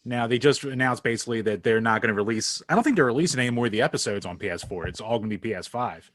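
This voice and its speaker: A man's voice: mid-range voice, rapid-fire, fairly bright tone, dry recording, studio quality. A man co-hosting a podcast in casual chat, joking wryly at his own expense. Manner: wry, self-deprecating joking. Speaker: podcast co-host.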